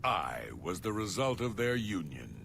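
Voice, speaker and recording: An actor playing an earnest male fighter who tells his story in a measured way. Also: on the low side, very animated, a bit bright, slight background noise, exaggerated voice.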